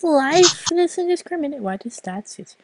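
A woman's voice: high voice, big pitch swings, moderate pace, noisy background. A woman vlogger with a sore throat, rambling in a giggly, tipsy late-night chat.

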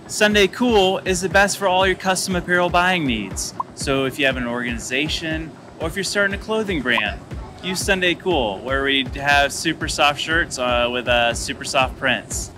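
A man giving a jokey, deadpan sponsor read for a podcast. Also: on the high side, normal speed, soft background music. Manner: deadpan, upbeat ad read with fillers. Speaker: ad reader.

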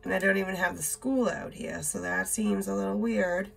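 A woman's voice: medium pitch, steady tone, normal speed, gravelly, slightly rough. A woman doing a casual tarot reading, reading card words aloud in short bursts, blunt and swearing now and then. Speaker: tarot reader.

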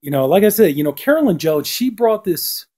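A man's voice: high-pitched, big pitch swings, a little fast, warm tone. A man giving a casual spoken review of a TV episode, rambling and leaning on "you know" fillers. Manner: acts out lines with a lifted voice.

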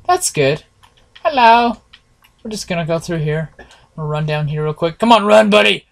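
A man's voice: fairly high pitch, animated, normal speed, gravelly. A man giving nervous, jumpy commentary while playing a horror game, talking to his viewers and swearing often. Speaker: gameplay streamer.

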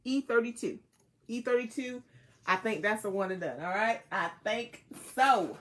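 A chatty woman runs a live jewelry sale, her voice sitting a little high. She talks casually to viewers, calling them y'all and mama, and repeats each item code. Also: lively intonation, normal speed, fairly bright tone. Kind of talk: casual live selling chat.

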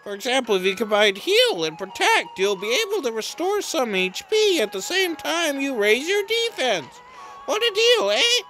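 A woman's voice: high voice, big pitch swings, moderate pace, fairly bright tone, slight background noise, pitched above the performer's own voice. A woman voicing a chirpy, upbeat tutorial guide who explains things in a sing-song way. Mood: cheerful.

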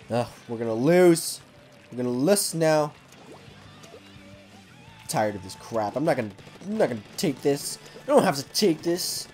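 A man hosting a gaming channel, giving hyper, excitable let's play commentary and yelling at opponents. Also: fairly high pitch, moderate pace, faint music behind.

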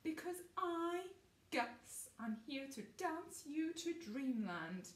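A woman's voice: sits high, sing-song, unhurried, pitched above the performer's own voice. A woman reading aloud plays a sneering, show-off older boy, boastful and mocking, with a raised voice in a roomy room. The storybook brother struts and brags.

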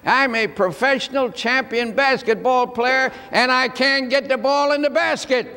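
An older preacher voicing a sulky young pro basketball player, heard in an echoey hall. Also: male voice, very high-pitched, steady tone, normal speed, pushed and bright. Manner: sulky, dismissive.

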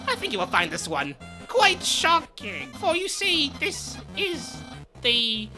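A woman playing a grandiose skeleton boasting loudly. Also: sits high, wildly swooping pitch, takes it slowly, full character voice. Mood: theatrical. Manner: grandiose, exclaiming, dramatic. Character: boastful puzzle-loving male skeleton, loud and theatrical. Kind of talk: live fan voice-over of a game. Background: game music.

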